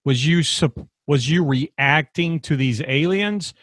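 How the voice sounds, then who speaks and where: A man's voice: fairly high pitch, slow, fairly bright tone, dry recording, clean studio sound. A man chatting casually on a podcast, reacting to a story with laid-back jokes. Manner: laid-back, joking asides. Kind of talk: casual conversation.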